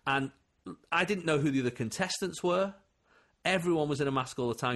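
A comedian guest in casual chat, an animated storyteller who laughs often. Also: male voice, medium pitch, normal speed.

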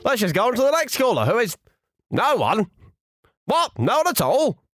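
A man's voice: very high-pitched, wildly swooping pitch, normal speed, a bit bright, no echo, clean studio sound, exaggerated voice. A man doing a comedy impression of a pompous, blustering right-wing talk radio host.

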